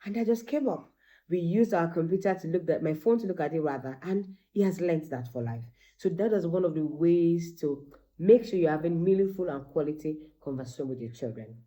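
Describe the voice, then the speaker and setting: A middle-aged woman, a teacher and mother, giving animated parenting advice and acting out bits of dialogue. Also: lowish voice, brisk. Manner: animated, acts out quoted dialogue.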